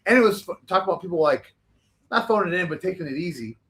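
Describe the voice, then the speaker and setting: A man telling casual, animated stories as a talk show guest, rambling with lots of fillers and restarts. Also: high voice, quick pace.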